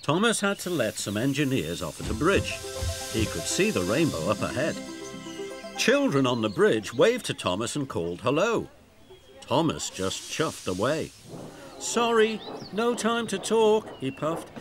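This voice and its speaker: A man narrating a children's cartoon story in an expressive storytelling manner. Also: medium pitch, normal speed. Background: music.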